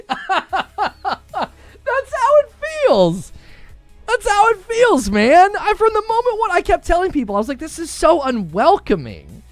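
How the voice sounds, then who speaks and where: Guy streaming games and reading chat, super expressive, keeps laughing, dry sound w/ quiet music under it. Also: very high voice, unhurried, no echo. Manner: animated, laughs often, acts out mock dialogue. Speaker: gaming streamer. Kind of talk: live stream chat reacting to viewers.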